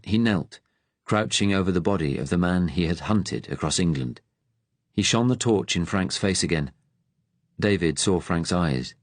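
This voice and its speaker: A man narrating a wartime thriller audiobook in a steady, measured way. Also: low-pitched, no echo.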